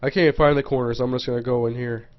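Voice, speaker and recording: A man's voice: medium pitch, steady tone, fast talker, highs cut off. A man casually commenting on a live stream, muttering to himself as he browses and reading viewers' questions aloud. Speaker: gaming livestreamer. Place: home.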